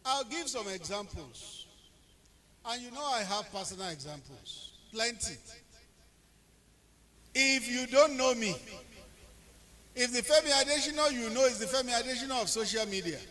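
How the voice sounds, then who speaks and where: A middle-aged man with a Nigerian accent giving a public speech, telling anecdotes and swinging between quiet asides and loud, emphatic bursts. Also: very high-pitched, expressive, normal speed, pauses often. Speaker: presidential aide speaking at an event.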